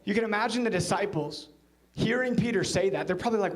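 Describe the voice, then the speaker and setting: At a quick pace, the pastor tells a story as part of his sermon at church, sometimes lowering his voice to a hushed murmur for quoted lines.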